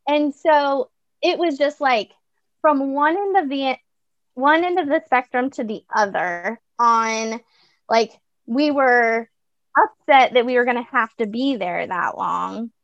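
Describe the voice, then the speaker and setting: A woman's voice: sits high, slow, fairly bright tone, dry recording. A young woman telling a personal story as a podcast guest, chatty, with many fillers and restarts. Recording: dull lo-fi dry recording.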